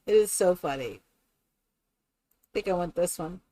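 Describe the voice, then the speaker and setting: A woman streaming a game who chats casually and tells stories in an animated way. She laughs often and keeps asking "right?". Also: fairly low pitch, normal speed, dry recording. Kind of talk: casual chat while playing a game.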